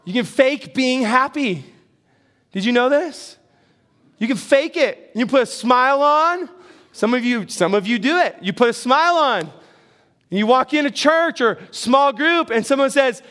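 A man's voice: extremely high pitch, expressive, a little slow, fairly bright tone. A middle-aged man preaching a sermon as pastor, conversational, asking the congregation questions and joking about himself. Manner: conversational, asks the congregation questions, self-deprecating humor.

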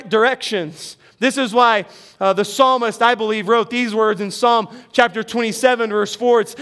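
A man's voice: very high-pitched, a bit bright, clear, resonant tone. A middle-aged man preaching a sermon as pastor, earnest and emphatic, with rising bursts of emphasis.

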